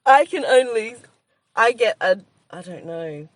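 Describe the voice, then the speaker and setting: A woman's voice: medium pitch, expressive, a little slow, a little hiss or hum. An Australian woman co-hosting a casual podcast, rambling chattily, often laughing and breaking off mid-sentence to restart. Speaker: podcast co-host, comedian. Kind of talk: casual chat.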